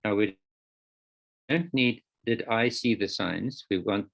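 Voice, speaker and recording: A man's voice: medium pitch, big pitch swings, slow pace, pauses often. A man lecturing students on Greek grammar, explaining patiently step by step in an online class. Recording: dull lo-fi online call audio.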